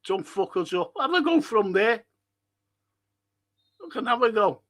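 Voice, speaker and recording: Scouse man, bright high voice, slow, sweary watch-along streamer. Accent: Liverpool. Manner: sweary, excitable, heckling the players. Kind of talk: live match commentary and chat reading.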